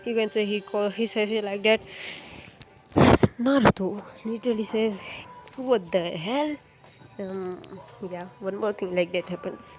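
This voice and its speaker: A woman recapping a fan story in a casual, rambling way, full of fillers, restarts and pauses to recall names. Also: mid-range voice, little pitch movement, over music. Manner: rambling, leans heavily on "you can say" and fillers; hesitant, restarts and searches for names.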